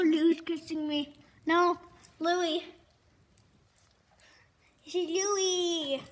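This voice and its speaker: A female vlogger chatting casually at home, rambling and cooing at her dogs in a high voice. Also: steady tone, extremely slow, pauses often. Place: home, indoors and out in the rain. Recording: noisy home video with rain noise.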